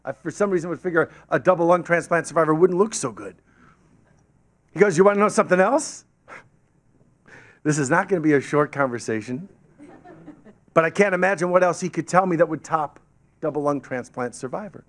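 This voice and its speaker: Speaking at a podium microphone in a meeting hall, a man with a fairly high, quick voice tells a story to a club audience as a guest speaker, leaving long pauses. He's animated and acts out the voices of the people he quotes.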